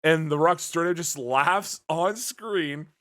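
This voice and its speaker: Animated young podcast host. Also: male voice, on the high side, slow. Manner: animated storytelling with swearing and laughs. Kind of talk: casual podcast chat.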